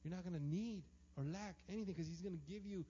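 High-voiced man preaching with emphasis. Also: fast, dark tone, slight background noise. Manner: emphatic, acts out quoted prayers and voices. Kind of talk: sermon. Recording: dull lo-fi sound.

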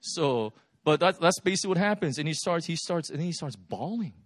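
A man preaching a sermon, telling stories in a lively, animated way with laughs. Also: on the high side, brisk, no room sound. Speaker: pastor. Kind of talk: sermon storytelling.

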